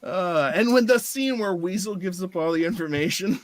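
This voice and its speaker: A man with a slightly high voice chats about films with a friend, joking and acting out quotes in silly voices. His voice sounds close and dry, with no room echo. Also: animated, normal speed. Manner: joking, quotes movie lines in put-on voices, laughs often. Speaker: podcast co-host. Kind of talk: casual movie review chat.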